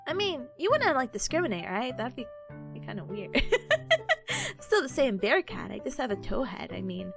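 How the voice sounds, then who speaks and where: A woman's voice: a little high, sing-song, moderate pace, creaky, over music. A woman streamer in casual live chat, playful and silly, laughing often between lines. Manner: silly, sings sound effects.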